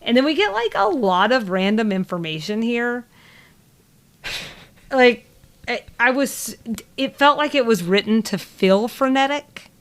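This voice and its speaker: A woman's voice: fairly high pitch, big pitch swings, a little slow, long pauses. Chatty Southern woman rambling through a recap. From American South. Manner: rambling, many fillers and restarts. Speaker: podcast co-host. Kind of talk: casual chat recap.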